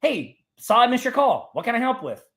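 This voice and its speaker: Guy with a fairly high voice hosting a live stream, chatty and loose, reads stuff out, talks to the chat. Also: very animated, brisk, a bit bright. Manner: chatty, reads example texts aloud, talks to chat by name. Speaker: live show host. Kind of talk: casual screen-share teaching.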